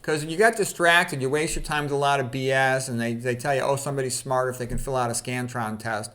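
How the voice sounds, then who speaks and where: A man's voice: medium pitch, steady tone, fairly quick, a bit bright. A man in a casual talk, reading out quotes and adding opinionated asides, with frequent "okay" and "you know". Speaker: channel host.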